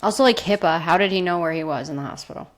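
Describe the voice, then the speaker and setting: A woman's voice: on the low side, fast. Matter-of-fact woman explaining. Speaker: podcast co-host. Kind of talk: casual sports chat.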